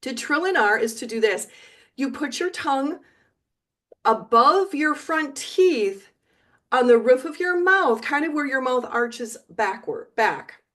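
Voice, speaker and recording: A woman teaching Spanish pronunciation in a video lesson, speaking clearly and encouragingly. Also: high-pitched, lively intonation, a bit bright. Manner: slow, clear, encouraging, sings syllables.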